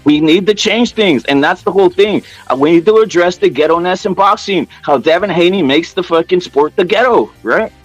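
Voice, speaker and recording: A man's voice: high voice, a little fast, hardly any pauses, no echo, soft background music. A man hosting a casual boxing rant, profane, repetitive and heated. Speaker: boxing commentary channel host.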